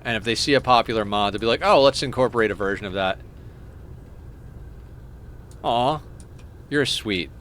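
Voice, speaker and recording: A man's voice: lowish voice, normal speed, pauses often, a bit bright, slight background noise. A young man streaming a game, chatting casually, rambling and stammering as he thanks viewers. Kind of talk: casual live-stream chat while playing.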